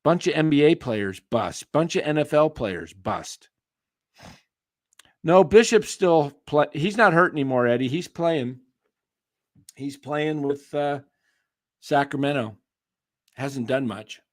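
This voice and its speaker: Slow, opinionated man with a fraying voice. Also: a little high, lively intonation, no room sound, clean studio sound. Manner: opinionated, answers chat by name, rambling restarts. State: losing his voice, clearing throat. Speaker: sports show host. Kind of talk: casual live-stream commentary.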